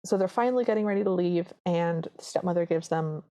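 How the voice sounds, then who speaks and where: Her voice sits lowish and she talks quickly. As one of a podcast's hosts, she retells a film's scenes in relaxed conversation, bringing the story to life by voicing the characters' lines herself.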